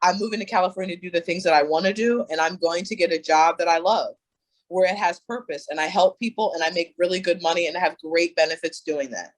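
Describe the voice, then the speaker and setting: A woman's voice: on the low side, quick pace, poor audio. A young woman talking candidly as a coaching client, earnest and emphatic, with many fillers and restarts. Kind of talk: candid conversation.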